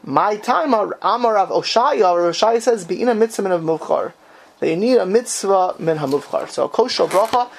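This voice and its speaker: A man's voice: high-pitched, animated, normal speed, vocal fry. A man teaching a class on a text, quizzing his students and bursting into dramatic exclamations.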